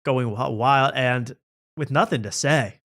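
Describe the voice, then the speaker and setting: A man hosting a comedy talk show, riffing in a sarcastic, fast-moving way. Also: mid-range voice, a bit bright.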